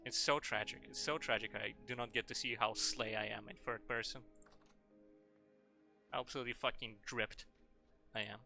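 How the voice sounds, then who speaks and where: Bright, playful game streamer man. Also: medium pitch, steady tone, moderate pace, creaky, long pauses, faint music behind. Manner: playful, swears a lot, rambling. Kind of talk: casual live-stream chat.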